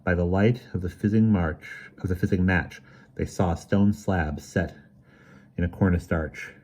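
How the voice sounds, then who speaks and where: Deep, husky male storybook reader. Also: fairly even intonation, a little slow, a little mellow. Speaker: audiobook reader. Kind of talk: storybook narration.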